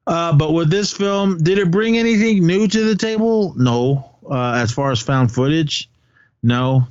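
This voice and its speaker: A man's voice: medium pitch, no room sound. A man co-hosting a podcast from home, talking films in a rambling, self-correcting casual chat. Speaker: podcast co-host reviewing films. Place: at home with a child nearby. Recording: dull lo-fi dry recording.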